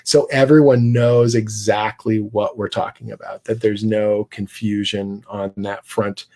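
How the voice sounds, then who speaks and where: A man's voice: fairly low pitch, little pitch movement, measured pace, mellow. A man teaching a live online class about writing scripts, explaining casually with many fillers and restarts. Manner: reads his own script passages aloud. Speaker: comics writer teaching a class.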